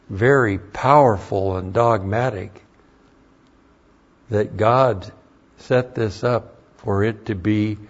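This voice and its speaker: A man teaching a Bible class as a pastor, deliberate and emphatic, pressing on key words in sermon style. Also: fairly low pitch, breathy edge, lo-fi sound.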